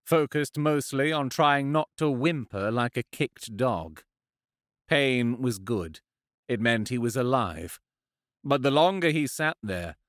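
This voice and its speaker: A man narrating a fantasy audiobook in a measured, expressive storytelling manner, on a close studio mic. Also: mid-range voice, dry recording.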